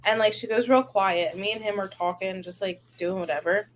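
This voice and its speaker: A woman co-hosting a casual podcast, telling lively stories about motherhood and using "like" constantly. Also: mid-range voice, normal speed, slight background noise. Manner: animated storyteller, lots of "like". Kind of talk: casual chat.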